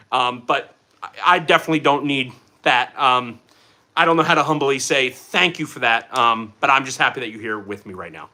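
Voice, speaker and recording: A young man hosting a casual livestream, reading viewer comments and chatting in an energetic, rambling way. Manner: energetic, rambling, quick pitch jumps and bursts of laughter. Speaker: livestream host.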